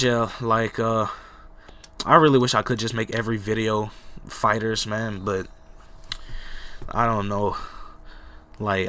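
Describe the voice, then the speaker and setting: A young gaming YouTuber from Jacksonville, Florida, sick and with a cracking voice, gives loose, profane, rambling commentary over his football game. His voice is on the low side, bright, and forceful, with a little hiss or hum in the recording.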